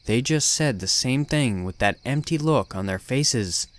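A man's voice: mid-range voice, lively intonation, measured pace. Blunt man narrating a horror story. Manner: blunt, swearing, tough-guy first-person telling.

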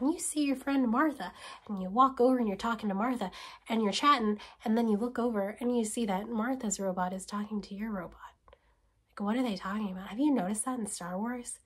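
A woman host talking to camera in a casual, animated and sarcastic way, firing off rhetorical questions and sometimes dropping to a whisper. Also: medium pitch, breathy edge. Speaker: video essayist host. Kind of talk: casual spoken commentary.

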